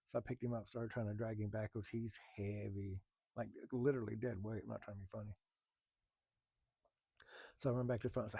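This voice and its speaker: A man's voice: lowish voice, little pitch movement, creaky, warm tone, husky, dry recording. A man recounting his time as a firefighter, bluntly and with swearing, often stopping on fillers. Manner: blunt, profane, halting with many fillers. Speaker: firefighter telling a personal story. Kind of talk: candid storytelling.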